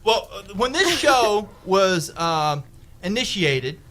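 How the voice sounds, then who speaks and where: A man's voice: high voice, big pitch swings, slow pace, background noise. A man hosting a radio show, bantering casually and jokingly with his co-hosts in the studio. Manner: jokey, with frequent fillers.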